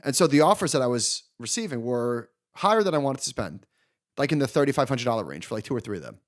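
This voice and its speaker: A man in his thirties co-hosting a podcast, telling a long story in an animated, casual way and laughing along. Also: mid-range voice, fast. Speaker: podcast co-host. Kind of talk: casual chat.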